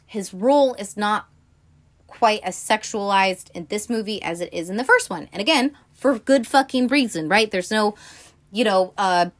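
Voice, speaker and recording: A woman's voice: mid-range voice, normal speed. A woman chatting casually about movies, talking in a loose, swearing, filler-heavy way with lots of asides. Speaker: film podcaster. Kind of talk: casual film review chat.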